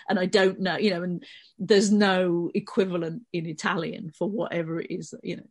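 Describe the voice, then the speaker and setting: A woman's voice: medium pitch, steady tone, moderate pace, husky. A middle-aged woman with a Birmingham accent, talking through ideas at length as a guest in a casual podcast discussion. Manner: conversational, explaining at length. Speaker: panel guest columnist.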